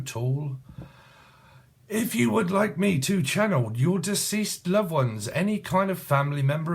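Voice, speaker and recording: A man's voice: mid-range voice, breathy edge. A man giving a casual tarot reading, free-associating from word to word, punning and swearing freely. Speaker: tarot reader.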